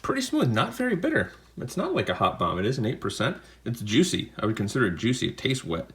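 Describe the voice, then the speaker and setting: A man's voice: on the low side, very animated, fast talker, fairly bright tone. A man hosting a casual unboxing video, chatting in a rambling way with jokey asides from a home room with a desk camera. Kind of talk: casual unboxing and beer tasting chat.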